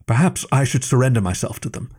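A man's voice: mid-range voice, big pitch swings, quick pace, darkish tone, breathy edge. A man voicing an anxious, urgent male fox scientist who slips German words into his pleading speech. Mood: earnest worried.

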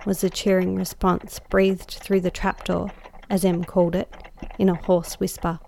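A woman narrating a classic story aloud as guest host, measured and dryly expressive. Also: mid-range voice, creaky. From Australia. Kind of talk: audiobook narration.

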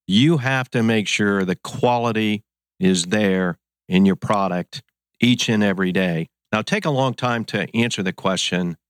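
A man's voice: on the low side, unhurried, no echo, clean studio sound. A man hosting a casual interview, asking questions in an easygoing, jokey way. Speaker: podcast host.

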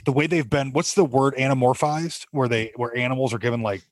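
A man's voice: medium pitch, fairly quick, no echo. A young man co-hosting a casual podcast, telling stories with lots of swearing and laughter. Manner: animated storyteller, swears a lot, laughs often. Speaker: podcast co-host. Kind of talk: casual chat.

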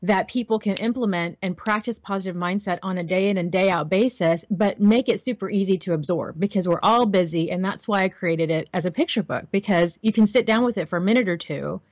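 A woman's voice: mid-range voice, brisk, few pauses, dry recording. Earnest woman guest, dry close sound. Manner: warm, earnest, laughs lightly. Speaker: voiceover artist and author, guest. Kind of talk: interview answers.

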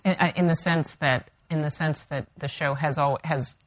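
A woman's voice: sits low, steady tone, normal speed. A woman interviewer asking questions in a searching way, often restarting her phrasing. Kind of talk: conversational interview.

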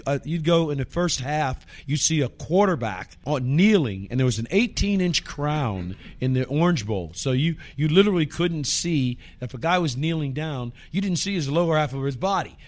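A man's voice: fairly high pitch, expressive, moderate pace. A man recalling old games in a panel interview, speaking conversationally and often restarting his phrases. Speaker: guest.

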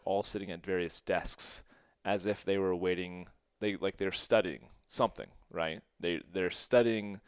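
A man's voice: deep voice, clear, resonant tone, dry recording, clean studio sound. Male podcast host, storyteller, earnest and rambling, lots of "like", clean resonant voice. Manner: rambling, many "like" fillers and restarts; earnest and emotional. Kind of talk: personal storytelling.

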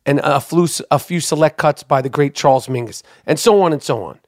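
A man hosting a podcast, rambling through a story with plenty of swearing and worked-up asides. His voice sits a little high for a man. It comes across dry and close on the microphone. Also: fairly quick, no echo. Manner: rambling, profane, excitable storytelling. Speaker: podcast host. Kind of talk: casual storytelling monologue.

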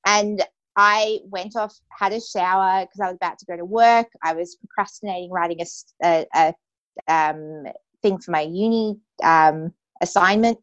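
A woman's voice: fairly low pitch, normal speed, a bit bright, dry recording, dull audio. Chatty young woman, dry sound. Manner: casual, heavy use of "like" and "you know" fillers. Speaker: interview guest. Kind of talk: personal storytelling.

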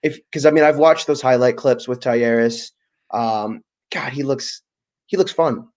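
A man co-hosting a casual soccer podcast. He talks with enthusiasm in long, rambling runs. His pitch sits in the middle for a man. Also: a little slow, a little mellow. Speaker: podcast co-host.

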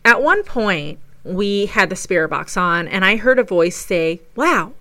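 A woman recounts a ghost investigation as a paranormal investigator, telling it with eager enthusiasm. Her voice is bright and smooth, and it sits close and dry with no room around it. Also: mid-range voice, lively intonation, unhurried, no echo. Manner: enthusiastic storytelling. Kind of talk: narrated recap of a ghost investigation.

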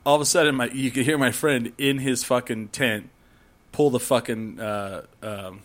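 A man in casual conversation, telling camping stories in a rambling way. He swears freely and acts out loud campers as he goes. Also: medium pitch, steady tone, moderate pace. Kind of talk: casual chat.

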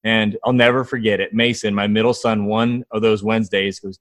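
Man, thirties, interview guest, storyteller, lower voice, dry close sound. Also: flat delivery, brisk, a bit bright, dry recording. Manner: enthusiastic storyteller, acts out quotes. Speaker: guest, fatherhood author and founder.

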